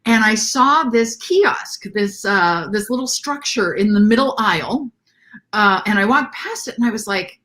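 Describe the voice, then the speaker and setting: A middle-aged woman with a middle-range, slightly bright voice chats casually as a guest, speaking unhurriedly with lively intonation. She tells her story with animation, lifting her voice for quoted lines.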